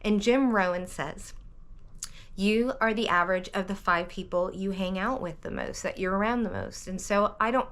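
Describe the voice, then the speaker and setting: A woman from the American South who reads tarot, talking to camera in a rambling, animated vlog monologue, often cutting herself off mid-sentence. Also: medium pitch, normal speed. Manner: rambling, animated, self-interrupting. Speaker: tarot reader vlogger.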